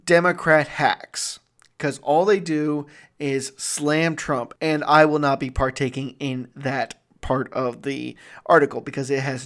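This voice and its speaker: Podcast host, man, higher register, reads articles then rants with exclamations. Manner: indignant, gets loud and exclaims when riled. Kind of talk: solo commentary podcast reading news articles.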